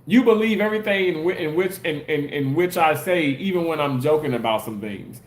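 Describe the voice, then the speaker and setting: A man's voice: a little high, lively intonation, a little fast, reverberant. A man live streaming in a casual chat, reading viewer comments aloud and defensively arguing back at his critics. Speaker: live streamer and content creator.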